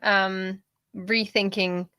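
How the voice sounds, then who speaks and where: A woman co-hosting a political discussion show, talking in an animated way and laughing often. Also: mid-range voice, extremely slow, clean tone, no room sound, studio quality. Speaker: podcast co-host.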